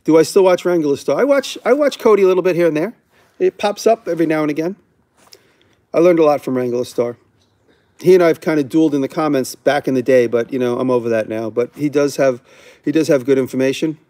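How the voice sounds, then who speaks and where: A man's voice: fairly high pitch, quick pace, dark tone. A man hosting a casual livestream, answering viewer questions in a rambling, candid way that often breaks off mid-thought. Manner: rambling, self-interrupting, candid.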